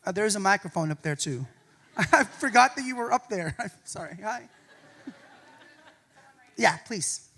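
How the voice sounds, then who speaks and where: A man speaking at a university lecture hall, answering audience questions in a lively, joking way and often tagging his points with "right?". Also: high voice, unhurried, long pauses. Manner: animated, joking, keeps adding "right?". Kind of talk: public talk Q&A.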